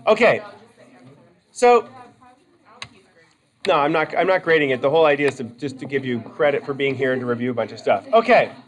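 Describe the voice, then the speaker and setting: A man's voice: medium pitch, expressive, fairly quick, long pauses, poor audio. A male instructor giving a casual, rambling classroom lecture, often interrupting himself mid-sentence. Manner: chatty, rambling, self-interrupting. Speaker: college instructor.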